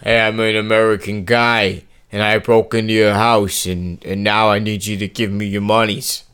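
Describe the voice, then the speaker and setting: A man's voice: lowish voice, level tone, moderate pace, a bit bright, clear, resonant tone, pitched below the performer's own voice, close to an everyday voice. A man voicing a blustering male burglar in an exaggerated, jokey parody voice. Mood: mock menacing.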